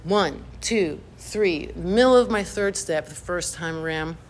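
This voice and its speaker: A woman's voice: on the low side, unhurried. Chatty woman telling a personal story. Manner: animated, chatty, lots of "like" fillers. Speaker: speaker sharing her recovery story.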